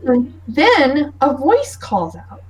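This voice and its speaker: A woman narrating as game master in a tabletop game over voice chat, lively, with frequent fillers and laughs. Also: high voice, takes it slowly, poor audio.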